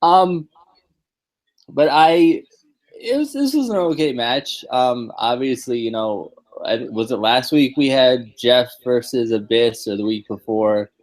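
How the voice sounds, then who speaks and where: A man's voice: medium pitch, a little slow, poor audio. A man co-hosting a podcast, chatting casually about a wrestling show in a rambling, hesitant way. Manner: rambling, hesitant, many restarts and fillers. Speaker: podcast co-host.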